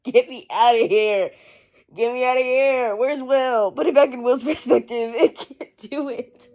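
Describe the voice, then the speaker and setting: A woman's voice: on the high side, steady tone, unhurried, darkish tone. A woman in her twenties reacting to a book in a casual reading vlog, swearing, laughing and shrieking as she reads. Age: 20s. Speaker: book reviewer.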